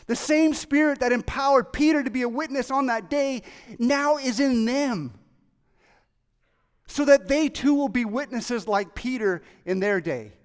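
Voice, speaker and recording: A man preaching a sermon as pastor, excitable and animated, acting out the voices of people in the story. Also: extremely high pitch, unhurried, clear, resonant tone. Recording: long reverb of a large hall.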